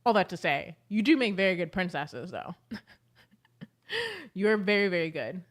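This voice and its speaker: A young adult woman, a beauty vlogger, chats casually to the camera, telling animated stories packed with fillers. Her voice is on the low side and her speed is normal.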